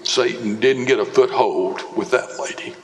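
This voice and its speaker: A man preaching a sermon as pastor, slow and emphatic, with dramatic swings in pitch. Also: slight background noise. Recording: long reverb of a large hall.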